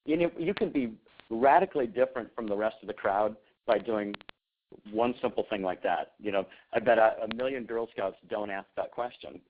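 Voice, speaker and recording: A man's voice: lowish voice, moderate pace. A man coaching on a group call, speaking earnestly and repeating key phrases. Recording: tinny phone-line audio with faint noise.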